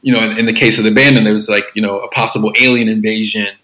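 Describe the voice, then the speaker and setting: Male creative guest: bright tone, loose rambling delivery, roomy echo. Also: fairly low pitch, fairly even intonation, rapid-fire. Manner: rambling, with many fillers and restarts. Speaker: filmmaker guest. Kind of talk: casual interview talk.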